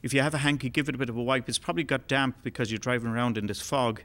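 A man voicing a calm, helpful talking horse in a spoken joke, giving matter-of-fact advice in a raised voice. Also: medium pitch, racing, natural voice.

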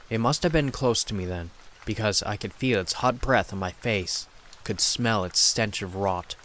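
A man narrating a scary story in a steady, dramatic storytelling manner. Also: lowish voice, moderate pace. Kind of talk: scripted horror narration.

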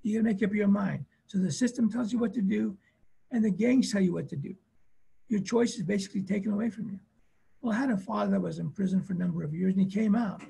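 A man's voice: high-pitched, fast talker, gravelly, mellow, slightly rough. A man who works as a therapist, giving a webinar talk on family conflict in plainspoken, emphatic phrases and short stories. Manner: emphatic, repetitive phrasing with acted-out quotes; plainspoken storytelling.

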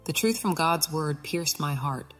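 A woman narrating a Christian allegorical audiobook in the first person, earnest and expressive. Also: low-pitched, a little slow, breathy edge, soft background music.

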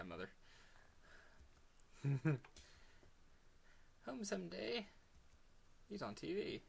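A man giving excitable let's play commentary, laughing often and slipping into whispered asides. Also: mid-range voice, gravelly. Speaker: gamer.

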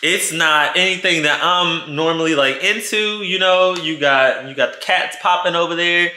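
A vlogger with a fairly high, bright voice tells his channel a casual story at a normal pace, sounding forceful. He's playful and dramatic, acting out the people he quotes, and the room is echoey.

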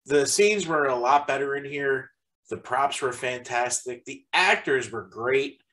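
A man's voice: medium pitch, measured pace, sharp tone, rough recording. Man rambling through a casual review. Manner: rambling, heavy use of "like" fillers. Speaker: haunted attraction reviewer.

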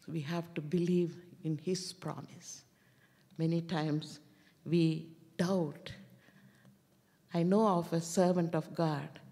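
A woman preacher delivering a sermon in a church, telling a story slowly and dramatically. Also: lowish voice, warm tone, long reverb tail. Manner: slow and deliberate, dramatic retelling.

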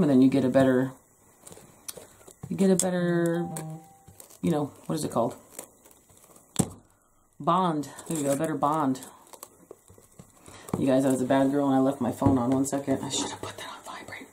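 Low-voiced chatty woman crafter. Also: darkish tone, slight background noise. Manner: chatty, jokey asides. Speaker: craft video host. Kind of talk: casual craft tutorial. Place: home craft room.

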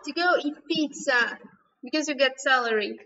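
Woman, streamer host, casual teasing chat, bright tense tone, dull lo-fi sound. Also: high-pitched, normal speed, vocal fry.

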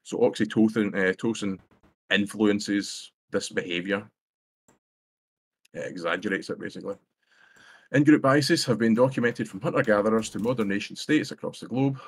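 A Scottish man reading a prepared debate statement on a voice call in a formal, academic way, with filler pauses. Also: lowish voice, slight background noise. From Scotland.

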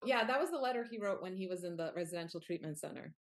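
Woman, middle-aged, earnest, heartfelt, slightly low voice, candid interview guest. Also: expressive, fast. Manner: earnest, heartfelt, with quoted asides. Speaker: author and guest.

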